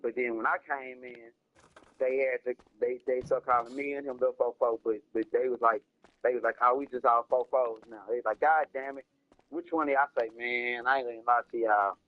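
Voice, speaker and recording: A man's voice: mid-range voice, fairly even intonation, brisk, no echo, phone-quality sound. A man casually telling a long rambling story, repeating himself and cursing, in slangy talk. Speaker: storyteller streaming a game.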